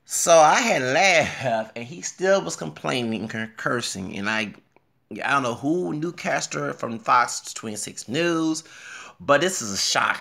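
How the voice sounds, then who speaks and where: Gravelly, bright Texan man rambling. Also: a little slow. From Houston, Texas. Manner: chatty, excitable, laughs and jumps in pitch. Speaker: vlogger. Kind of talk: casual rambling commentary. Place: home bathroom.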